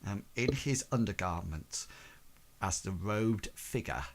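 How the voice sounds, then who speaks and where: A man's voice: on the low side, animated, slow. A man narrating as game master, rambling and full of "sort of, like" fillers.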